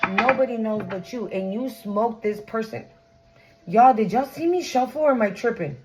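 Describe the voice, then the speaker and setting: A woman's voice: on the high side, animated, normal speed, noisy background. A woman giving a casual tarot reading to her viewers, chatty and blunt, swearing freely and talking in slang. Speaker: tarot reader.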